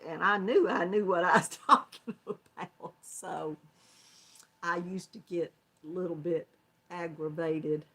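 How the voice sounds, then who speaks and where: Older southern lady chatting slow and folksy on her crochet livestream, laughs a lot. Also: lowish voice, fairly bright tone. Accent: Southern American. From Georgia, US South. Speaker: crochet channel host. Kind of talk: casual livestream chat greeting viewers.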